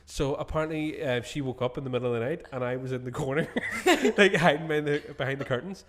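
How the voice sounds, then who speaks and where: A man's voice: on the high side, fast, fairly bright tone. A man hosting a podcast, telling drinking stories in casual chat, swearing often and laughing through them. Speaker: podcast host.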